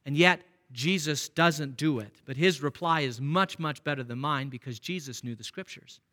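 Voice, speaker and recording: Guy preaching a sermon, fairly high bright voice, chatty, asks the crowd questions. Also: normal speed. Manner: conversational preaching, rhetorical questions to the congregation. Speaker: pastor.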